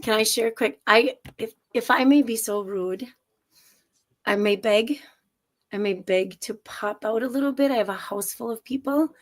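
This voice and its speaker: A woman co-hosting a casual livestream chat from home over a video call, telling stories in a chatty, laughing way. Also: mid-range voice. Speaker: co-host and middle school teacher. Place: at home with a house full of people. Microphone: video call setup.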